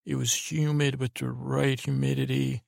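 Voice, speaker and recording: Host, male, gravelly low-key storyteller, flat delivery, dry close sound, wandering and hesitant. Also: moderate pace, dry recording. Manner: meandering, hesitant, full of restarts and asides. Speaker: podcast host. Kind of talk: rambling sleep-story narration.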